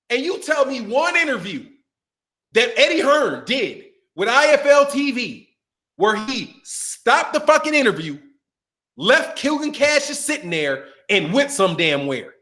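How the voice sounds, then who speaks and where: A man's voice: very high voice, sing-song, a little slow, bright, forceful tone. A man hosting a boxing channel, ranting in casual commentary with profanity and mocking impressions.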